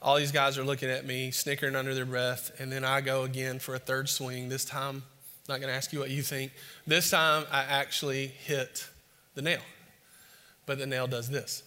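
A man from the States, preaching a sermon as an animated, self-mocking storyteller before a live audience. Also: mid-range voice, moderate pace, in a large hall, a little hiss or hum. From Southern United States.

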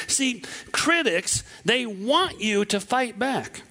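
A man from southwest Wisconsin preaching a sermon, animated and acting out the voices he quotes. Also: high-pitched, unhurried, vocal fry, few pauses.

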